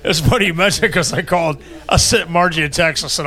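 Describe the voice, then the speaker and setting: A man chatting casually on a podcast, agreeable and quick to laugh. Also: fairly high pitch, bright, forceful tone. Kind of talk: casual chat.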